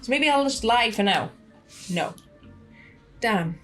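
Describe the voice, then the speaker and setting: A woman's voice: fairly high pitch, expressive, slow pace, faint music behind. Joking, foul-mouthed woman playing a game. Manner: casual, joking, swears freely. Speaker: gaming video creator. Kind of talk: gameplay commentary, reading game text aloud.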